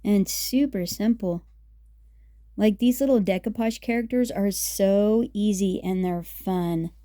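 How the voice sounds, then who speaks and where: A woman's voice: mid-range voice, unhurried, mellow, dry recording. A woman hosting a casual craft tutorial, chatty and upbeat with many fillers as she works. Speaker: craft video host.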